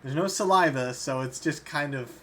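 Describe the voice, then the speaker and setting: A man's voice: on the high side, moderate pace. Man running a tabletop game. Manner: relaxed, often breaks into laughter. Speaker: game master.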